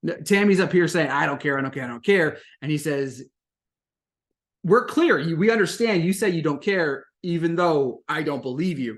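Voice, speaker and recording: A young man hosting a podcast, recapping a reality show in casual chat and jumping into excited outbursts. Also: mid-range voice. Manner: animated, jumps to excited outbursts and laughs.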